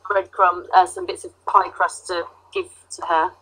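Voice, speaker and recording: A woman's voice: fairly low pitch, flat delivery, normal speed, pushed and bright, breathy edge, rough recording. A woman playing her character at a tabletop game, speaking politely and with genteel courtesy. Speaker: player.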